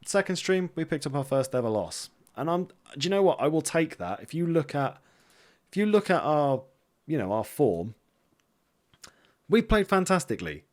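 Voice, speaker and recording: Man, gaming streamer, excitable play-by-play, swears when annoyed. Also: fairly high pitch, moderate pace, long pauses. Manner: excitable, swears when frustrated, self-deprecating asides. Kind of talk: casual commentary on his own football management game.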